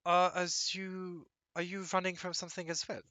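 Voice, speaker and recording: A game master voicing a stranger in a clumsy put-on French accent, halting and full of restarts. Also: mid-range voice, level tone, sharp tone, dry recording, voice pushed up, close to an everyday voice. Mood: curious.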